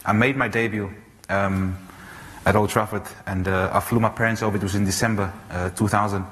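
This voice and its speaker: A man in his thirties from South Africa, giving an animated storytelling talk on stage, full of restarts and fillers. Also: lowish voice, a little fast. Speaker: speaker. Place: large auditorium. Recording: reverberant hall, faint noise.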